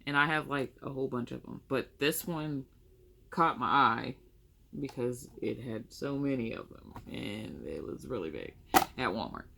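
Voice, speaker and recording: A woman's voice: rumbling low, lively intonation, unhurried, vocal fry, a bit bright, a little hiss or hum. A young woman chatting casually through her makeup tutorial, rambling and correcting herself as she goes. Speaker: makeup vlogger.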